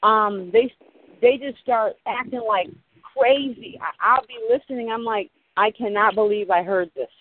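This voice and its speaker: A woman telling stories in a casual, animated way, retelling her conversations. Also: a little high, moderate pace. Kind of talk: casual storytelling on a call-in show. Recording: tinny phone line.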